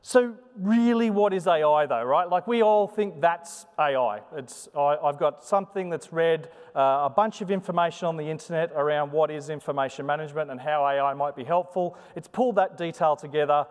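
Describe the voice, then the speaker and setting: Smooth and on the high side, this man speaks fairly quickly with hardly any pauses while presenting a live talk and demo in a conference hall. His sing-song delivery is chatty, joking and animated, with long hall reverb.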